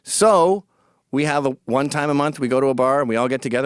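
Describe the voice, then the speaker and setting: A middle-aged man from Britain giving a blunt, mocking monologue, switching between loud jabs and muttered asides. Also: medium pitch, fast talker, clean tone, no room sound, studio quality. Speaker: commentator. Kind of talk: opinionated monologue to camera.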